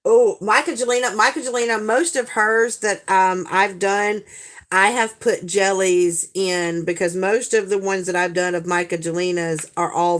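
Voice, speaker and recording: Southern woman, 40s, livestream host: chatty, animated, laughs easily, mid-pitched voice. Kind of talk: casual livestream chat with viewers.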